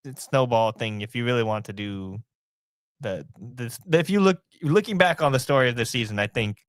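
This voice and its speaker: A man's voice: medium pitch, lively intonation, normal speed, fairly bright tone, dry recording. A young man co-hosting a casual sports podcast, playfully riffing on jokes. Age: young adult. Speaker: podcast co-host.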